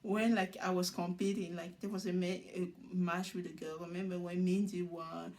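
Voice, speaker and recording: A woman's voice: fairly low pitch, little pitch movement, normal speed, a little mellow. A woman recapping a show episode in casual commentary, laughing often and acting out the cast's lines. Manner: laughs often while retelling scenes; acts out cast members' lines in quotes.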